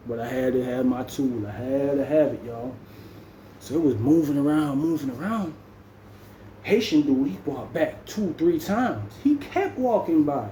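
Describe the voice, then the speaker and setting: A man's voice: mid-range voice, lively intonation, a little slow, mellow, reverberant, slight background noise, poor audio. A man with a Jamaican accent telling a story in casual slang, dropping "man" into nearly every sentence. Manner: slangy, peppers speech with "man". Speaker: storyteller vlogger.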